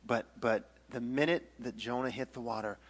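Acting out scenes and joking along the way, a man tells a Bible story in a loose, playful, animated manner. His voice sits at medium pitch and moves at a normal speed.

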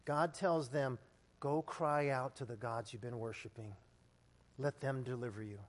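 A man preaching a sermon as pastor, telling stories and building to loud, emphatic peaks. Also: medium pitch, fairly even intonation, measured pace. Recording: long hall reverb.

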